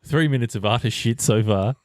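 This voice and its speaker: A man's voice: mid-range voice, brisk, darkish tone, dry recording. A man co-hosting a podcast in casual chat, swearing freely and laughing often. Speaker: podcast co-host.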